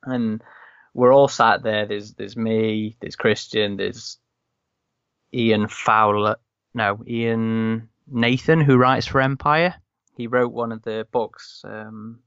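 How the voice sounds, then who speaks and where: A man's voice: on the low side, vocal fry, fairly bright tone, clean tone, dry recording. A man in casual podcast chat, telling long rambling anecdotes full of restarts. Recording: slightly dull, dry recording.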